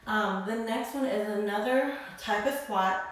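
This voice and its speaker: A woman's voice: medium pitch, a little slow. Woman, fitness instructor, counting reps, a bit out of breath, distant from the mic, faint hiss. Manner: cueing breaths and counting reps while exercising. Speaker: pelvic health exercise instructor. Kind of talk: live-streamed workout instruction. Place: indoor room. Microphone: phone camera across the room. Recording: echoey room, voice far from the mic.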